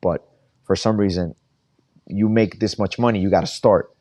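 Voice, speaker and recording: A man's voice: on the low side, steady tone, moderate pace, a little mellow, no echo, clean studio sound. A middle-aged man co-hosting a casual sports talk show, blunt and slangy. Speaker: podcast co-host.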